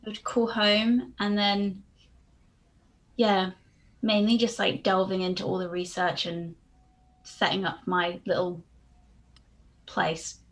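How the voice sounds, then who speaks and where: A woman playing a tabletop role-playing game, speaking in halting, trailing phrases. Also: medium pitch, level tone. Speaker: player.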